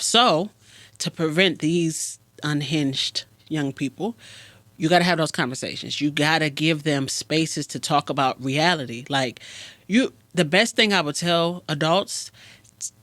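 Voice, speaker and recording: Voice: medium pitch, a little slow, dry recording. A therapist hosting a podcast, giving frank casual advice and acting out little dialogues. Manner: frank, animated, acts out dialogues.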